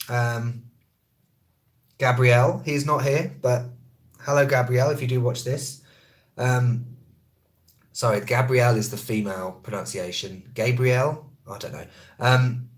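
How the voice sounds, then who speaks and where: A man in mid-range pitch rattles through viewer comments on a live stream. He is quick and easygoing, tripping over words and fixing them on the fly, like a traveller who also teaches English. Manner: quick, chatty, self-correcting. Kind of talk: casual live-stream chat answering comments.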